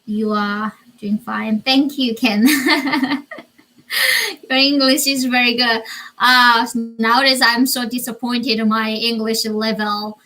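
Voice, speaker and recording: A woman from North Korea who speaks English with a Korean accent, chatting casually on a livestream and answering viewer comments with frequent pauses. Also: fairly high pitch, steady tone, pushed and bright, rough recording. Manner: reads out viewer comments and answers them, pausing often. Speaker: livestream host.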